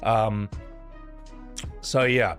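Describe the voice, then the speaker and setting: A man's voice: lowish voice, steady tone, drawn-out words, fairly bright tone, faint music behind. A man chatting casually on a live stream, blunt and opinionated, swearing freely and rambling through his points with restarts.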